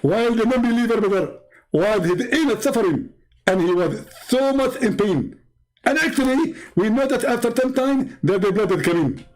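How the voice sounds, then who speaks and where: A smug, pompous preacher lectures in a high, sing-song voice that swoops up and down. A man puts him on for a comedy skit. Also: expressive, moderate pace, poor audio. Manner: pompous, condescending, talks in a mock accent. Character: mock impression of a preacher, male, pompous, smug.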